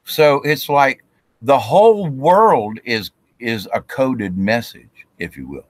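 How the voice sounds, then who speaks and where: A man's voice: medium pitch, expressive, slow pace, no room sound. A man giving a casual spiritual talk, rambling with restarts and acting out quotes of himself and others.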